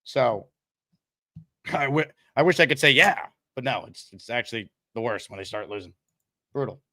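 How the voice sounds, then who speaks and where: A man's voice: mid-range voice, expressive, moderate pace, bright, forceful tone, dry recording, clean studio sound. A male host of a sports talk livestream, talking energetically and reading out viewer comments.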